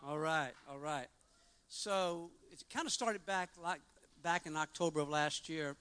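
Bright-voiced earnest middle-aged man testifying. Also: on the high side, measured pace, smooth. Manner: earnest, rambling, with many restarts and fillers. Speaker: church member giving a testimony. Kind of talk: personal testimony to a congregation.

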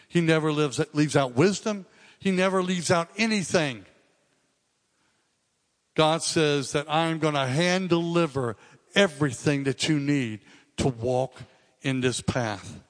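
A male pastor preaching a sermon in a conversational, earnest way, repeating and restarting phrases for emphasis. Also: on the high side. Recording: long reverb of a large hall.

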